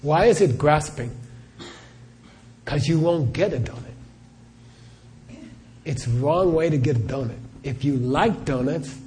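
A middle-aged man gives a live question-and-answer talk as a Buddhist teacher. His voice sits a little high, and he tells anecdotes in a loose, chatty way, laughing and dropping "you know" often. Faint noise hums underneath. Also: a little slow, pauses often, dark tone.

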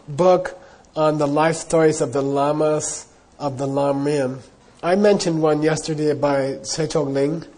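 Mellow, husky Buddhist teacher. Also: male voice, a little high. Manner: casual, rambling, many fillers. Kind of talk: dharma talk storytelling.

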